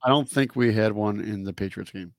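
A man's voice: fairly low pitch, fairly quick, dry recording. Hesitant stammering man, dry sound. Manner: hesitant, stammering repeats, easygoing. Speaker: podcast co-host. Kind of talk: casual sports chat.

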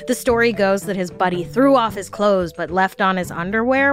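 A woman's voice: mid-range voice, moderate pace, soft background music. A woman hosting a podcast, narrating a scripted story with wry, jokey asides. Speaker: podcast host.

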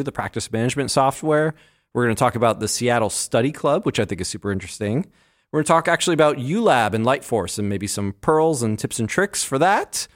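A man hosting a podcast interview, talking in an upbeat, chatty way. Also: medium pitch. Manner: upbeat, scripted intro then chatty. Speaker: podcast host. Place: conference venue, recorded together.

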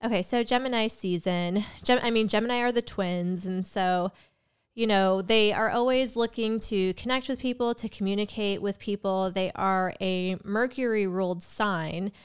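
Chatty young woman with a clear voice. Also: medium pitch, fairly even intonation, moderate pace. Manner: chatty, rambling, with fillers and self-interruptions. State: has a cough. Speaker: podcast host and tarot reader. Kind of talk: casual solo podcast monologue.

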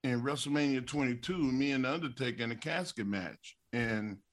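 Animated middle-aged man telling stories. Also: mid-range voice, fairly quick. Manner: animated storyteller, acts out quotes with stammers and laughs. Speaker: podcast co-host, former wrestler. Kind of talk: casual storytelling.

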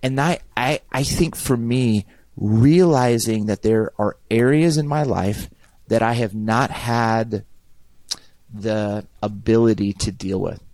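A man's voice: fairly low pitch, slow, darkish tone, no room sound. A middle-aged man, a pastor, talking earnestly and reflectively in a podcast conversation, often repeating words as he thinks.

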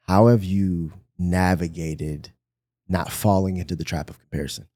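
On a podcast, a man who pastors in Michigan recounts a personal story with real energy, imitating the voices he quotes. His voice sits low and his pace is moderate.

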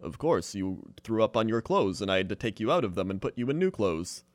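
A man voicing a cold, stiff rich young man, speaking in a flat, clipped, robot-like way. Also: lowish voice, fairly quick, no echo.

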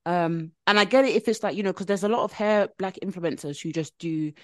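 A woman co-hosting a podcast, talking in a lively, expressive way with quick reactions. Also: fairly low pitch, no echo, clean studio sound. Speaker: podcast co-host. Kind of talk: casual chat.

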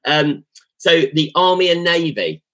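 A man's voice: a little high, big pitch swings, unhurried, a bit bright. A man from England, hosting a podcast interview in a playful, quizzing way with frequent laughter. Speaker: podcast host. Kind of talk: casual interview chat.

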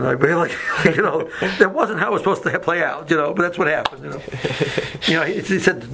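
A man's voice: a little high, brisk, vocal fry, crowd noise, poor audio. A man giving a casual Torah lesson, telling stories with many fillers and mixing in Hebrew and Yiddish terms. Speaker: yeshiva teacher.

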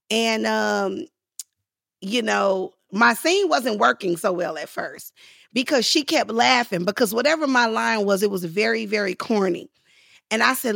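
A middle-aged woman telling animated stories in an interview, acting out the other people's voices. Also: on the high side, creaky, no echo, clean studio sound. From Los Angeles. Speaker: guest actress. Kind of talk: storytelling interview.

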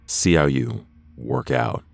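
A man voicing an intimidating, swaggering male nursing aide with a rumbling voice and a cool, quietly threatening manner. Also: takes it slowly, vocal fry, dry recording, heavily acted.

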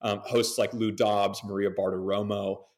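A man with a low voice answers interview questions as a media editor. He talks thoughtfully and deliberately, stopping often on "uh" as he builds his points. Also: little pitch movement, darkish tone. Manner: thoughtful, many "uh" fillers, deliberate pauses.

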